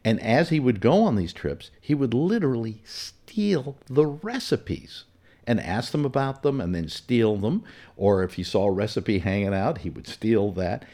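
Guy telling an old story, lots of ums and restarts, voice sits a bit low but swings around a lot. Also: warm tone. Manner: rambling, with many fillers and self-corrections. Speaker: storyteller recalling personal memories. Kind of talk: casual storytelling.

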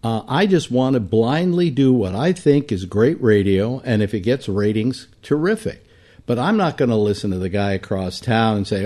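A man's voice: fairly low pitch, moderate pace. An older man and longtime radio host, reminiscing casually about his career and quoting other people along the way. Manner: animated, quotes other people in brief voices.

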